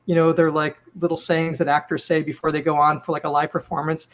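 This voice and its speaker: A man with a bright, high-pitched voice tells stories from running a TV comedy, animated and chatty. He jumps into quoted lines, acting out each person as he goes. His talk is loose and conversational, like an interview guest swapping stories. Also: fast talker. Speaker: TV comedy writer and showrunner. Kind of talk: casual storytelling interview.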